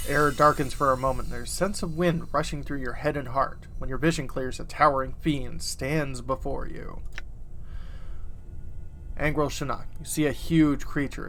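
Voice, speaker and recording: A man's voice: mid-range voice, fairly bright tone, a little hiss or hum. A man hosting a let's play, reading game text aloud casually with asides and self-corrections.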